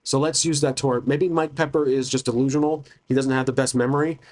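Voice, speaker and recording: A man's voice: medium pitch, steady tone, quick pace, darkish tone. A man narrating a solo tabletop game, thinking aloud hesitantly with many restarts.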